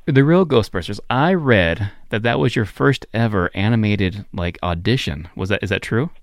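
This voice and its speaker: Guy hosting a chatty interview, low voice, eager and agreeable, dry close sound. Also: animated, dry recording. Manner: friendly, eager, quick to agree. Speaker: podcast host. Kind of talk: casual interview chat. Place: small-town home in Montana.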